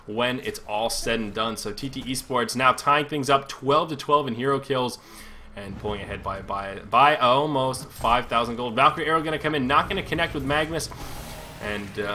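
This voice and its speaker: A man calling a live esports match on his own with a bright, forward voice at an ordinary middle pitch. He runs a chatty play-by-play, breaks off to think aloud and corrects himself without losing the thread. There is a faint hiss of noise behind him. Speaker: esports caster. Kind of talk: live play-by-play game commentary.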